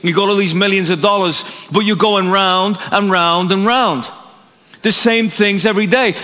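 Male preacher from Northern Ireland, slightly high voice, dynamic sermon delivery, big hall echo. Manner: dynamic preaching, drops low and soft for emphasis, rises for acted quotes. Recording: echoey hall recording.

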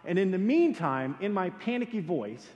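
A middle-aged man preaching and telling a story, animated and self-deprecating as he acts out his own panic. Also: high-pitched, normal speed, muffled recording. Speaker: pastor. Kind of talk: sermon storytelling. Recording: hall with long reverb.

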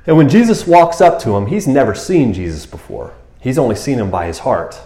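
A man giving a casual, animated sermon, talking to the listeners like friends. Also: medium pitch, a little fast. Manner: animated, casual, keeps saying "man" and "you know". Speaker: preacher. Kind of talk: conversational sermon. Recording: roomy echo.

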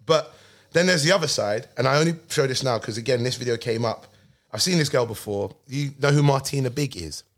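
A young man hosting a casual comedy podcast chat, teasing and playful with his guests. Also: mid-range voice. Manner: teasing, playful, quick to laugh. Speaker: podcast host.

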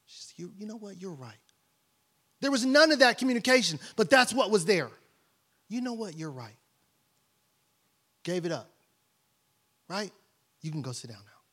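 A man's voice: high voice, animated, normal speed, long pauses, a bit bright. A man preaching a conversational sermon as pastor, playful and often checking in with the congregation.

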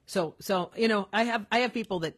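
A woman co-hosting a casual podcast, telling stories in an animated, emphatic way with many restarts. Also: mid-range voice, brisk. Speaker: podcast co-host. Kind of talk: casual conversational podcast chat. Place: Los Angeles.

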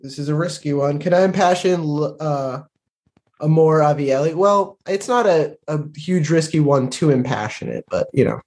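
A man's voice: a little high, moderate pace, darkish tone. A man playing in a tabletop role-playing game, talking casually and hesitantly with many fillers. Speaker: player.

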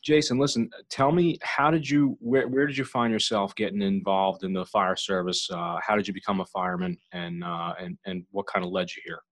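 A man's voice: sits low, level tone, a little fast, few pauses, a bit bright, no room sound. A man hosting a casual studio interview, upbeat, with frequent "uh" fillers. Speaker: podcast host.

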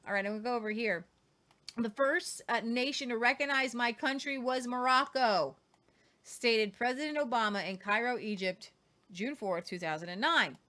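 Female host, casual history talk, higher voice, reads quotes with offhand asides. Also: moderate pace, bright, forceful tone. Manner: chatty, stumbling over names, jokey asides.

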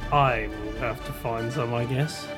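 A man's voice: medium pitch, fairly even intonation, unhurried, over loud music. A man joking around in casual podcast chat with friends. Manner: joking, playful banter. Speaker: podcast player.

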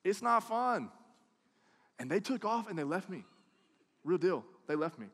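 A high-pitched man with a drawl preaches a lively sermon. He drops to a hush, then builds to loud, acted-out quotes. His voice rings with a long hall reverb. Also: a little slow, gravelly, slightly rough. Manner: animated, swings from hushed to loud, acts out quotes. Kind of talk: sermon with storytelling.

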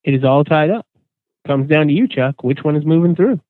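A man's voice: a little high, lively intonation, a little fast, dry recording. A man hosting a casual panel chat, moderating the votes with jokes. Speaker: podcast host. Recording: tinny phone-like sound.

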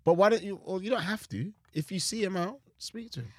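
A young man, chatting on a casual podcast and telling stories in an animated way, with his voice jumping up when he gets excited. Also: high-pitched, a little fast, no room sound, studio quality. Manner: animated storytelling, voice jumps up in excitement. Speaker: guest co-host.

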